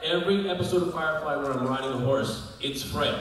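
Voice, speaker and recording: A man at a convention panel telling comic stories in an animated, jokey way. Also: fairly high pitch, fast. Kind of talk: convention Q&A storytelling. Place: large convention hall. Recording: echoey hall from far off, crowd noise.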